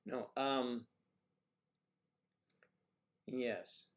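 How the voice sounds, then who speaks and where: An American man hosting a casual livestream, rambling and often clearing his throat while he fiddles with the audio. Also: mid-range voice, fairly even intonation, drawn-out words. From United States. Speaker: livestream host.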